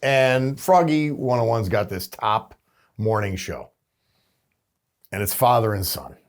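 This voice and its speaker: A man's voice: on the low side, animated, takes it slowly. A man hosting a TV talk show, asking chatty questions in a casual interview.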